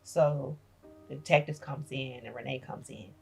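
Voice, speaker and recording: A middle-aged woman, a grandmother, telling a painful personal story as a podcast guest, halting and emotional, repeating her phrases. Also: very deep voice, steady tone, vocal fry, husky, faint music behind.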